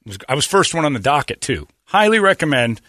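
A man chatting casually on a podcast, telling animated stories and acting out the dialogue. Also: on the high side, fast talker, no room sound, clean studio sound. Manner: animated storyteller who acts out dialogue. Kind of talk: casual storytelling chat.

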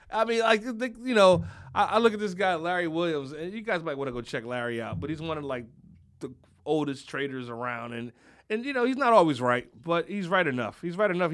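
A man co-hosting a comedic podcast, rambling and swearing, now and then bursting into shouts. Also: high voice. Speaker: podcast co-host. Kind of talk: casual comedic podcast rant.

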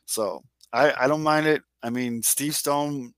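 A man's voice: medium pitch, unhurried, a bit bright, no echo. A man co-hosting a sports podcast, telling stories animatedly and swearing casually. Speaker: podcast co-host.

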